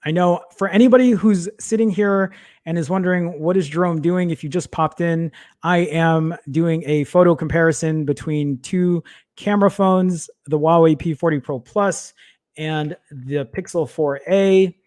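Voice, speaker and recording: This is a man hosting a casual tech livestream, his voice sitting slightly higher than most men's. He rambles and stumbles over his words, breaks off to mutter or swear quietly under his breath, and keeps asking his viewers to bear with him. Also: moderate pace. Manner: rambling, self-interrupting, apologetic while fumbling with files. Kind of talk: casual live-stream chat.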